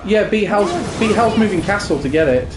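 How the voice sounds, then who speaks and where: A man chatting while playing a game, rambling and pausing mid-thought. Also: sits high, animated, noisy background. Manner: rambling, halting storytelling. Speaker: co-host. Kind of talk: casual gaming chat. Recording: roomy sound with music behind.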